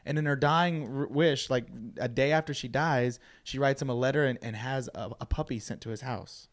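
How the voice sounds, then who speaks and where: A man's voice: mid-range voice, moderate pace. Laughing, chatty male podcast host. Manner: animated storytelling, laughs often. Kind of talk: casual chat. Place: podcast studio.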